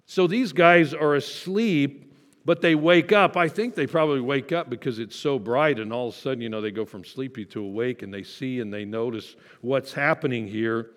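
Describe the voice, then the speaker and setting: A man's voice: mid-range voice, moderate pace. Conversational male pastor in echoing hall. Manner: conversational, asks the congregation questions; self-deprecating asides and light joking. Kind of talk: sermon. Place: church sanctuary.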